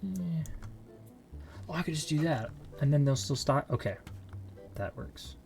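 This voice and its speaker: A man's voice: on the high side, lively intonation, measured pace, gravelly, darkish tone, soft background music. Man muttering frantic game commentary. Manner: talks to himself, frantic exclamations and silly mild curses. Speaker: streamer. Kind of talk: casual live gameplay commentary.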